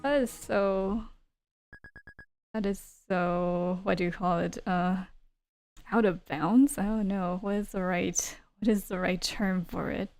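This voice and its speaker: A woman's voice: on the low side, fairly even intonation, slow, darkish tone, dry recording, faint music behind. A woman streamer reading a game aloud and making casual, rambling, hesitant side comments. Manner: rambling, hesitant, laughs often.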